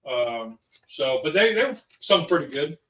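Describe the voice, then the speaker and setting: A dad hosting a family vlog in his home kitchen chats casually and rambles, dropping lots of "ums" and "sos." His voice is a little high and fairly bright, with big pitch swings and a moderate pace. The sound is roomy and distant, with slight background noise.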